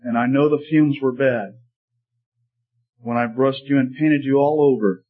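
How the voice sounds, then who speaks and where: Patient potter played by a man, husky, reassuring, muffled recording. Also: medium pitch, measured pace, close to an everyday voice. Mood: gentle. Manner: calm, reassuring explaining. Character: patient wise old potter, gentle master.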